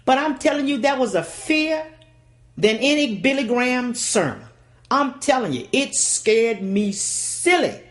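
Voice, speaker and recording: A woman's voice: a little high, big pitch swings, a little slow. An older woman with a Southern US accent, telling a folksy, dramatic childhood story. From Louisiana, USA. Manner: folksy, dramatic delivery with acted-out voices. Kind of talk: oral storytelling.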